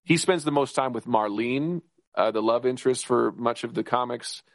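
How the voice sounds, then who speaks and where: A man co-hosting a podcast in casual chat, talking in an excited, rambling way with many restarts and laughs. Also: medium pitch, normal speed, dry recording. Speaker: podcast co-host.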